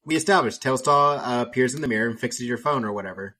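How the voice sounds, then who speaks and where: Podcast co-host, goofy, jokey asides, mid-pitched voice. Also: quick pace, pushed and bright. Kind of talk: casual chat.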